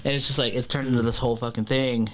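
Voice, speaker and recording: A man's voice: mid-range voice, flat delivery, racing, fairly bright tone, a little hiss or hum. A man who owns a restaurant, telling stories in casual podcast chat and swearing freely. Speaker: pizza restaurant owner.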